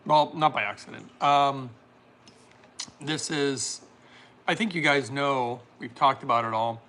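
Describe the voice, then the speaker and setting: A man's voice: mid-range voice, a little slow, sharp tone. A man hosting a casual livestream, reading viewer comments aloud and riffing with jokes and frequent laughter. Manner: laughs often, jokey riffs, trailing off. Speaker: livestream host reading chat.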